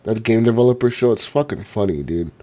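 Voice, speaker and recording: A man's voice: lowish voice, brisk, dark tone. A man hosting a gaming podcast in casual chat, rambling with lots of filler words, swearing freely and laughing often. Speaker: podcast host.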